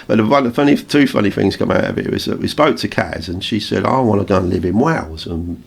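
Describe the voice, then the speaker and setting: A man with an English accent, co-hosting a radio show and telling anecdotes in a casual, animated way with frequent laughs. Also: lowish voice, fast, creaky, breathy edge. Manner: storytelling, animated, laughs often. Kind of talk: casual reminiscing chat.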